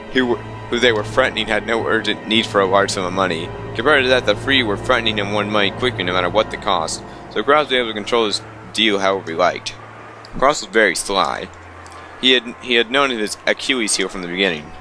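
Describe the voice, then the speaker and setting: A man's voice: lowish voice, brisk, over music. A young man reading a visual novel aloud, stumbling over lines and breaking off for wry asides. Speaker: let's player.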